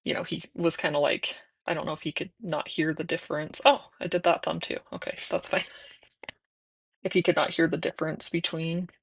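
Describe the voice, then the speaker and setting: A young adult woman chatting casually while doing her nails, now and then slipping into soft whispers. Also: deep voice, flat delivery, brisk, creaky, slightly rough. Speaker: nail vlogger.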